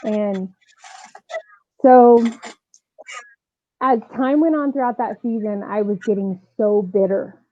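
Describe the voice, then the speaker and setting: A woman softball coach telling her personal story as a podcast guest, earnest and animated, with frequent fillers. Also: medium pitch, slow, pauses often, dry recording. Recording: tinny phone-like dry line.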